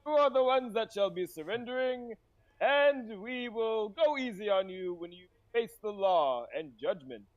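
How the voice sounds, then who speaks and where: A man's voice: high voice, animated, a little slow, no room sound, dull audio. A man playing a tabletop game, speaking in character with formal, pompous diplomacy. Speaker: player. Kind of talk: in-character tabletop role-play.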